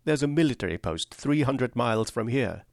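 A man's voice: medium pitch, lively intonation, normal speed, gravelly, dry recording, studio quality. A man voicing an earnest, anxious young sailor who talks eagerly with a slight stammer, in an audiobook reading. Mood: earnest worry. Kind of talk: audiobook character voice.

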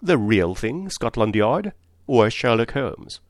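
A poised young society woman asks her questions with cool, measured teasing, as a male reader plays her. His voice is lifted higher for her and recorded dry and close. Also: big pitch swings, dry recording.

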